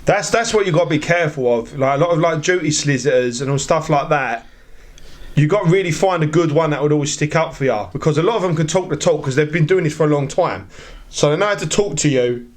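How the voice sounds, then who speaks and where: A man's voice: fairly high pitch, fast. A man hosting a podcast, telling stories in a casual chat, often laughing, with lots of fillers. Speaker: podcast host.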